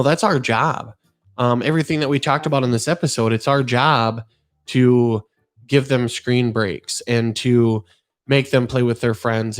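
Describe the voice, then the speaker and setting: A middle-aged man hosting a podcast, talking in an earnest, rambling way and telling stories with animation. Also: medium pitch. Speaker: podcast host. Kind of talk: casual podcast chat.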